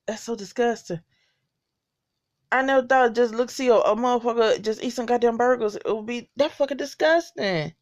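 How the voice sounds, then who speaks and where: A woman casually recapping a TV episode, swearing freely and reacting with loud disgust. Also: a little high, lively intonation, moderate pace, pauses often, highs cut off. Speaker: TV recap vlogger.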